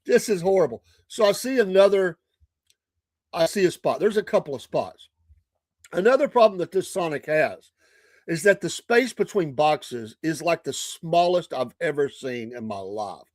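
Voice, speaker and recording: A man's voice: on the high side, normal speed, no echo. An older man with a Southern US accent, hosting a podcast and telling a rambling, chuckling story in casual chat. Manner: animated, chuckling, rambling with restarts. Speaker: podcast host.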